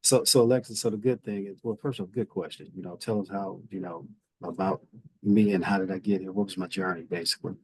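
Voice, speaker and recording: A middle-aged man from Indiana with a Southern US accent, telling his story in a relaxed interview, often restarting his sentences. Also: sits low, fast, husky, rough recording. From Indiana, USA. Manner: relaxed storytelling with frequent repeated starts. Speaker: guest, federal official. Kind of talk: conversational interview.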